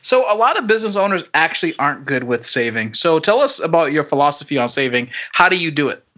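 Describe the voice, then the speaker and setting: A man's voice: a little high, big pitch swings, fast, sharp tone. A man co-hosting a podcast, chatting casually with his guest and asking questions in a playful way. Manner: playful, asks questions in a joking way. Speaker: podcast co-host. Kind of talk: casual interview chat.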